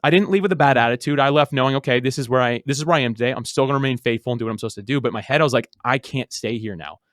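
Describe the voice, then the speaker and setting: A man's voice: medium pitch, fairly bright tone, dry recording, clean studio sound. A man in his thirties, a podcast guest, telling his story casually with lots of "like" and repeated words. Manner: rapid, full of "like" and repeated words.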